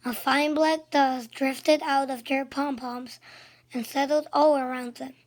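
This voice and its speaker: A woman reading a children's book aloud, expressive and sometimes dropping to a hush. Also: high-pitched, measured pace. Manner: expressive, shifting between loud and hushed. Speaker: storybook reader.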